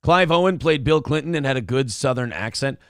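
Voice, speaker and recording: Animated American man chatting loosely. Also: mid-range voice, brisk, no room sound, studio quality. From United States. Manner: animated, shouts mock reactions, reads chat comments. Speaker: co-host. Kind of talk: casual podcast chat.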